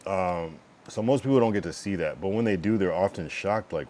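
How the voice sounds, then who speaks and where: A man's voice: low voice, brisk, darkish tone, slight background noise. A male streamer chatting casually to his viewers, rambling, profane and blunt, with lots of fillers. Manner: talks to chat while fiddling with his stream setup. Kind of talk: casual livestream chat.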